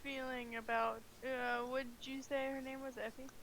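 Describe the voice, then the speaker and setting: High-voiced woman playing a tabletop game. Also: flat delivery, moderate pace, fairly bright tone, slight background noise, poor audio. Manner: hesitant, playful. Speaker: player. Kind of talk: casual tabletop role-play.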